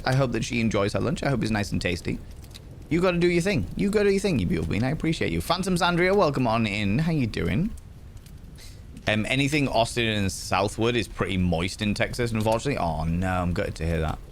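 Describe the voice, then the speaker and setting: A man's voice: mid-range voice, expressive, fast, a little hiss or hum. A young man hosting a livestream, chatting casually and greeting viewers by name as he reads their comments aloud. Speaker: livestream host.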